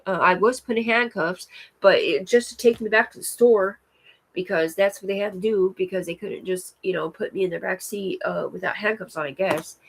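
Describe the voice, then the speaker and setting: A woman's voice: medium pitch, normal speed, creaky, breathy edge, poor audio. A woman rambling through a live stream monologue, full of fillers and restarts, swearing often. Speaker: vlogger.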